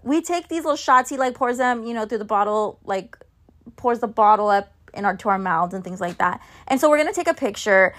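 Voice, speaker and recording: Chatty woman with a higher voice. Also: animated, fairly quick, a bit bright. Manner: candid and chatty, swears freely. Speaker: vlogger and mom. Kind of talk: casual storytelling vlog.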